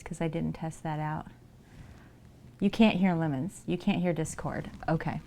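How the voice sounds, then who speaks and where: Low-voiced woman chatting on a live stream. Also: steady tone, unhurried, dark tone. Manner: chatty, coos at her cats and greets viewers by name. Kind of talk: casual live-stream chat. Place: home streaming room.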